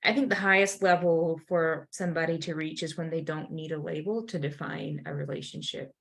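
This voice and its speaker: A woman's voice: deep voice, fairly quick, vocal fry. A woman co-hosting a casual faith podcast, telling a story with lots of fillers and little acted-out voices. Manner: animated storyteller, many "like" fillers. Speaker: podcast co-host.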